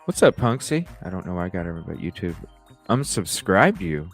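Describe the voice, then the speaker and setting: A man's voice: sits low, big pitch swings, fairly quick, soft background music. A man hosting a live call-in talk stream, chatting casually with viewers, rambling, swearing freely and laughing often.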